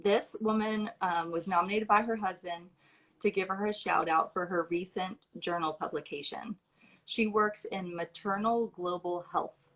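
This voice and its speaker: A woman's voice: on the low side, fairly even intonation, moderate pace, a bit bright, poor audio. A woman hosting a livestream at home, reading out scholarship nominations in an informal way with asides, fillers and restarts. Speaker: host announcing scholarship recipients. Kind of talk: casual livestream talk.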